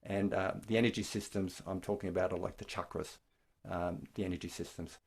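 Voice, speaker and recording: An older man leads a dharma talk online, his voice sitting a little low. He explains each point gently and without hurry, the way a meditation teacher walks a group through an idea. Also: fairly even intonation, a little fast, vocal fry.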